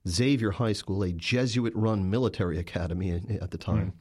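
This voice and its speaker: A man's voice: low-pitched, a little fast, a little mellow, husky. A man, a journalist and author, answering interview questions with emphatic, storytelling narration.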